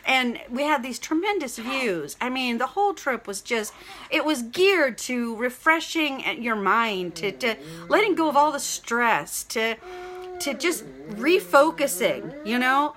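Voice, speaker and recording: Middle-aged woman, bright ringing voice, rambling excited vlog chat, greets viewers by name. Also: fairly high pitch, a little slow, a little hiss or hum. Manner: rambling and excited, heavy use of "like" and "literally". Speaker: vlogger. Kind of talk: casual chat to camera.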